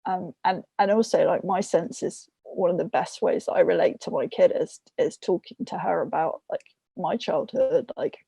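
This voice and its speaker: A woman's voice: lowish voice, moderate pace, gravelly, mellow, slightly rough, no echo. A woman, a parent, chatting casually as a podcast guest and retelling a story from home with quoted voices. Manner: many fillers and restarts. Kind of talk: casual conversation.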